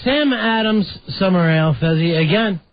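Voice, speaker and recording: A man's voice: high voice, animated, moderate pace, dry recording. A man hosting a radio show, trading sarcastic wisecracks with his co-host. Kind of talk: casual radio banter. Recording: dull lo-fi radio broadcast.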